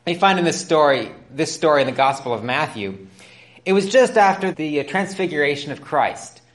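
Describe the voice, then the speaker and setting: A man's voice: lively intonation, moderate pace. A man preaching a sermon, retelling scripture as a story and acting out its dialogue. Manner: storytelling, acts out dialogue with rising pitch.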